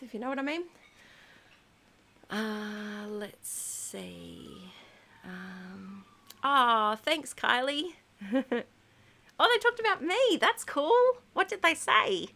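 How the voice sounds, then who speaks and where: A woman in her thirties hosts a relaxed live stream, answering chat messages one by one. Her voice sits on the low side and she talks at an unhurried pace, filling pauses with ums and small giggles. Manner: chatty, frequent ums, giggles. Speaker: livestream host reading chat.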